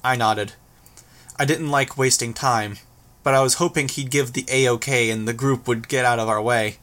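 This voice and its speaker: A man reading a first-person action novel as an audiobook, with a steady, even delivery. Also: medium pitch, normal speed. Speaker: audiobook narrator.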